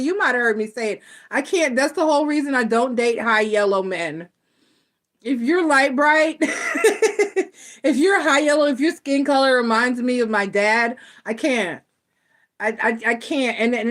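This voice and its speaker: A middle-aged woman hosting a live tarot stream, chatting casually and telling stories in a blunt, animated way. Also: on the high side. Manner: animated storytelling, blunt and laughing. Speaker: tarot reader host.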